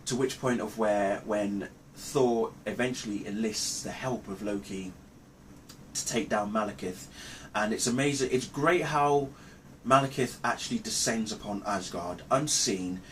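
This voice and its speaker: A man recapping a film's plot in a casual review, rambling and halting with many ums and restarts. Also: lowish voice, fairly bright tone, slight background noise. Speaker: movie reviewer. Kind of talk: casual spoken film review.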